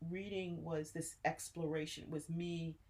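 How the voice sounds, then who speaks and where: A woman in her sixties from New Jersey, co-hosting a podcast and telling childhood stories with lots of laughter. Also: deep voice. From Newark, New Jersey. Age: 60s. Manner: animated storyteller, quick to laugh. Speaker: podcast co-host. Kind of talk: casual chat.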